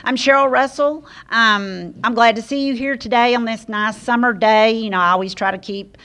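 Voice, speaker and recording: A woman's voice: a little high, moderate pace, fairly bright tone, clear, resonant tone. A woman opening a club meeting with hesitant, friendly remarks full of ums. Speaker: meeting chair. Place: meeting room.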